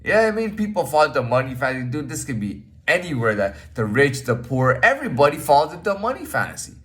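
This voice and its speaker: Rambling man with a lively voice. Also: a little high, fast talker. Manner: rambling, repeats himself, frequent fillers and "man"; blunt, swears casually. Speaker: podcast host. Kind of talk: casual monologue.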